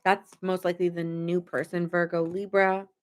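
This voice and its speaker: A woman's voice: fairly low pitch, little pitch movement, moderate pace, smooth. Chatty woman reading tarot live. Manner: chatty, rambling, reads chat aloud. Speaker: tarot reader.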